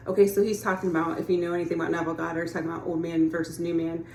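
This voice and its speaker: A woman with a lowish voice talks casually as a manifestation coach. She keeps things chatty and encouraging and keeps checking that the listener is following. The sound carries a roomy echo. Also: level tone, racing, few pauses, darkish tone, a little hiss or hum. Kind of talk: casual teaching monologue.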